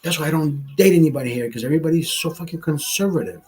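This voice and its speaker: A man's voice: a little high, fast, a little mellow, slightly rough, poor audio. A man hosting a livestream, telling a story in a heated, profane rant. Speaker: livestream host. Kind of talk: ranting storytime monologue.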